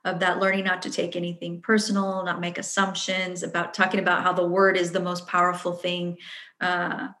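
A woman's voice: lowish voice, completely flat delivery, brisk, bright, forceful tone. Earnest woman speaking in an echoey room. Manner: chatty and earnest, acts out her inner voice. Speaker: workshop facilitator. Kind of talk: answering audience questions at a live event. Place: event room.

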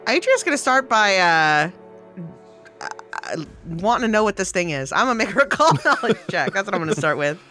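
A woman playing a tabletop game, chatty and excitable, laughing often as she explains her character's actions. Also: medium pitch, brisk, faint music behind. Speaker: player. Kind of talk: casual tabletop game play.

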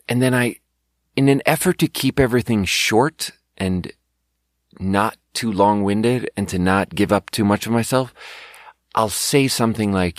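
Low-voiced man rambling, dry sound. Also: moderate pace, no room sound. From Sweden. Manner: rambling, self-conscious, laughs often mid-sentence. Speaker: podcast host. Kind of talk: casual solo monologue.

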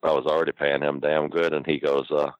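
A man's voice: extremely low pitch, level tone, brisk, no echo, highs cut off. A man, a wrestling promoter, telling a rambling, profane story in a casual interview. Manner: rambling, profane, full of fillers.

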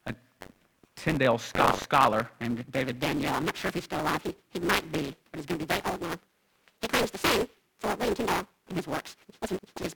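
A man preaching a sermon as pastor, teaching earnestly and slowing down to recite scripture. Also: a little high, expressive, gravelly, background noise.

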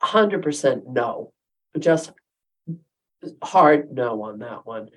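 Brief: deep-voiced woman co-host, firm and emphatic, conversational. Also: lively intonation, extremely slow, husky, low-quality recording. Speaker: podcast co-host. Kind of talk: casual chat.

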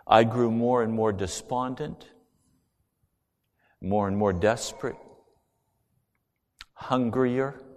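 A middle-aged man preaching a sermon, telling a personal story earnestly and swinging between hushed and loud delivery. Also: medium pitch, slow pace, long pauses. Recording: long reverb of a large hall.

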